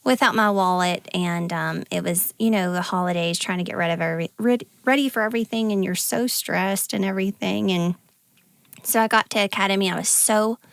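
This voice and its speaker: Woman, gravelly lowish voice, dry close sound, chatty storyteller, podcast co-host. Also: a little fast, no room sound. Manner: storytelling, many fillers. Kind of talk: casual conversation.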